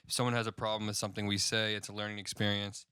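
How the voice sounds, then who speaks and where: A male podcast host from Indiana keeps the chat loose and joking and laughs often. His voice is bright and clear. It is recorded dry on a close mic. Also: on the low side, flat delivery, very fast, no echo. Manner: laid-back, jokey, lots of laughing and quoted voices. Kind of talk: casual chat.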